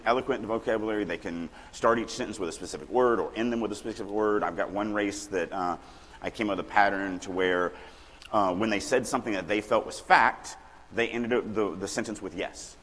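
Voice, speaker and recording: A man's voice: on the low side, a little fast. Man lecturing in a reverberant hall. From Louisiana. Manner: casual, animated, acts out quoted lines. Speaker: writing workshop speaker. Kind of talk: conference talk on craft. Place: conference hall. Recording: long hall reverb, faint room noise.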